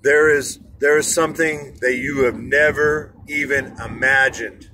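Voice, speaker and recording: Bright-voiced man talking while driving. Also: medium pitch, steady tone, unhurried, slight background noise. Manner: rambling, many fillers and restarts. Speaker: inspirational speaker. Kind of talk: motivational vlog storytelling. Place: car in rush hour traffic.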